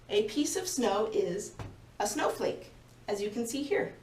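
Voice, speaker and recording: Slow, upbeat woman teaching a class. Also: medium pitch, expressive, darkish tone. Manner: slow, clear, encouraging classroom delivery. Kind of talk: demo vocabulary lesson for young learners. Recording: echoey room, voice from a distance.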